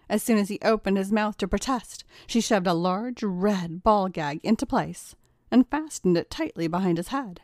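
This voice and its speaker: A woman reading a story aloud in a steady, even narration. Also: medium pitch, no echo, clean studio sound. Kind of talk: scripted narration.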